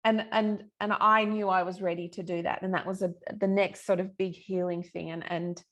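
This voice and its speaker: A woman's voice: fairly low pitch, level tone, moderate pace. Earnest woman sharing her healing story. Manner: earnest and emphatic, with frank swearing. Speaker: podcast guest, yoga teacher and healer. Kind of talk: candid personal storytelling in conversation.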